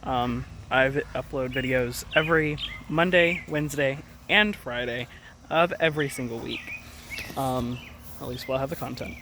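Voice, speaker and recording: A man's voice: medium pitch, measured pace. Rambling male gardener outdoors. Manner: rambling, self-correcting, chatty. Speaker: gardening vlogger. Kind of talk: casual rambling vlog. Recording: outdoor noise, sometimes far from mic. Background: birds and rural outdoor ambience.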